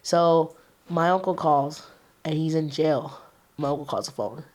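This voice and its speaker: A woman tells her story in a low, relaxed voice. She talks casually and streetwise, swearing freely as she goes. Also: unhurried. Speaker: guest. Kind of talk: telling a personal story in an interview.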